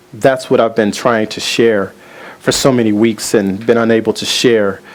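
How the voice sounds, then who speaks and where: A male pastor preaching a sermon. He tells a story, links clauses with repeated "and", and slows down for emphasis. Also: lowish voice, poor audio.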